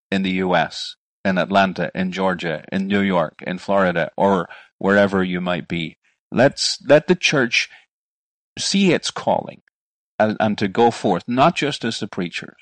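A middle-aged man with a Northern Irish accent, speaking earnestly as a ministry guest in a conversational interview, often repeating words as he starts a phrase. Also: low voice.

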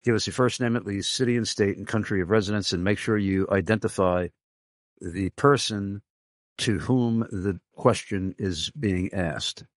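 A man hosting a radio debate, making unhurried announcements with a few fillers. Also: lowish voice, dry recording, clean studio sound. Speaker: radio host and debate moderator. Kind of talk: radio moderation.

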